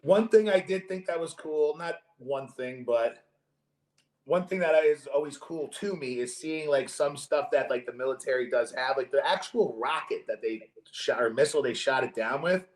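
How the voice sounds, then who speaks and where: A young man hosting a podcast in casual chat, animated, jokey and swearing freely. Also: mid-range voice, moderate pace. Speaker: podcast host. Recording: roomy echo.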